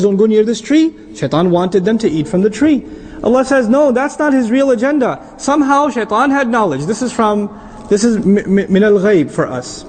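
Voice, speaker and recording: A middle-aged man giving an animated religious lecture as an Islamic teacher, often quizzing his audience. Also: sits high, a little hiss or hum.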